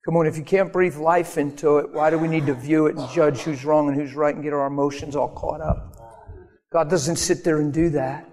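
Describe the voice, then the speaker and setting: Earnest preacher with a ringing hall. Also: male voice, fairly even intonation, brisk, darkish tone. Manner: conversational, earnest, bursts into high mock voices. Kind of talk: sermon. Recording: long reverb of a church hall.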